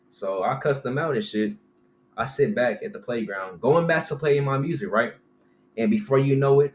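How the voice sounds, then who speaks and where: A young man casually telling a storytime, animated and profane, tossing in "right?" and "bro" constantly. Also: mid-range voice, fairly quick. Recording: roomy room with faint background hum.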